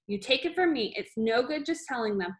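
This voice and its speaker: A woman's voice: fairly high pitch, lively intonation, fairly quick, lightly acted. A woman reading aloud, voicing a bullying, scornful headmistress with a harsh, barking manner. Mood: gloating.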